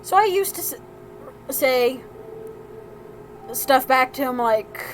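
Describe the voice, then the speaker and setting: Chatty high-voiced woman telling a story. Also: expressive, takes it slowly, a little hiss or hum, rough recording. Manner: chatty and rambling, with frequent laughs and restarts. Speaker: soapmaker hosting a live stream. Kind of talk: casual storytelling while crafting.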